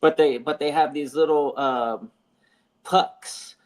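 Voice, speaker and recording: A man in casual stream chat, explaining things in a rambling, halting way with many restarts. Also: a little high, fairly even intonation, darkish tone, rough recording. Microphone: streaming call mic.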